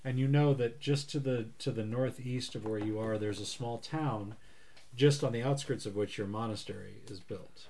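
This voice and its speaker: A man calmly narrating as game master of a tabletop role-play podcast. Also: medium pitch, normal speed, slight background noise.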